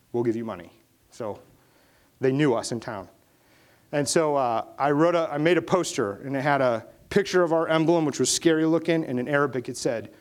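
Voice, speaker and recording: A middle-aged male pastor telling a war story in a conversational sermon, building to impassioned preaching. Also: mid-range voice.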